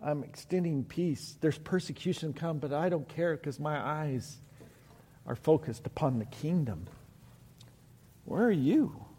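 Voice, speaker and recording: A man's voice: fairly high pitch, lively intonation, unhurried, warm tone, breathy edge. A man preaching a sermon as pastor, earnest and building to impassioned pleading before leading a prayer. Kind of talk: sermon with altar call and prayer. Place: church sanctuary. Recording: long church reverb.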